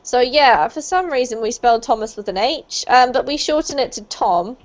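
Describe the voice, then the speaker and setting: A British woman leads an online English pronunciation class, patient and encouraging as she explains. Her voice sits a little high. The audio is muffled, as over a video call. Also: lively intonation, moderate pace. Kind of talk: online group lesson.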